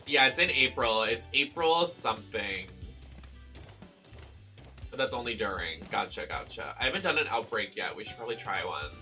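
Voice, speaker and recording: A man from Boston with a Boston accent, chatting casually while streaming a game, greeting viewers and breaking into loud excited exclamations. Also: on the low side, normal speed, faint music behind.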